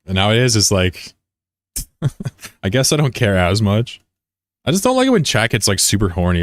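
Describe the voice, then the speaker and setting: A man's voice: lowish voice, very animated, moderate pace, pauses often, dry recording, studio quality. A man streaming a game and chatting casually with his viewers, rambling and joking at his own expense. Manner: rambling and digressive, with many restarts; joking, self-deprecating.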